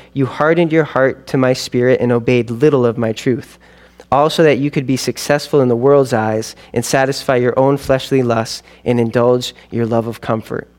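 A man's voice: medium pitch, darkish tone, natural voice. A man voicing Jesus, solemn and grave. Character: Jesus, solemn grave male divine judge.

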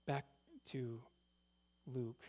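A man preaching a sermon, reading scripture aloud and swinging between loud emphatic lines and quiet asides. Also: mid-range voice, little pitch movement, very slow, a little hiss or hum. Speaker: pastor.

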